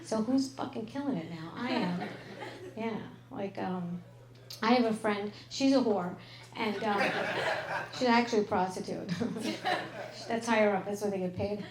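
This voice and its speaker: A middle-aged woman performing a stand-up comedy set on a club stage into a handheld mic, brash and crude, with a deadpan delivery and exaggerated quoted voices. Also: medium pitch, measured pace, crowd noise. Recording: roomy club sound.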